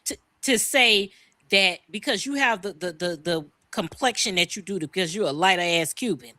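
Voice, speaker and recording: A woman's voice: medium pitch, expressive, moderate pace, bright, forceful tone, dry recording. A woman from the United States co-hosting a podcast, ranting in a profane, fired-up way. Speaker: podcast co-host. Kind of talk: heated casual podcast talk.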